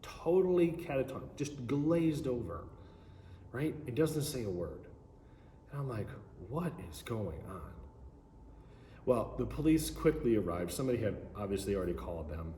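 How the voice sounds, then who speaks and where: Male pastor, animated storytelling sermon with lots of asides, recorded in an echoey church hall with long reverb. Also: medium pitch, moderate pace, slight background noise. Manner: animated, conversational, many "like" and "right?".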